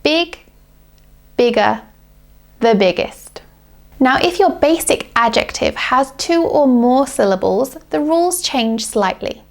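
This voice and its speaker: British woman, English teacher, slow deliberate delivery, gravelly edge. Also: a little high. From England. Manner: deliberate, stretching out key words.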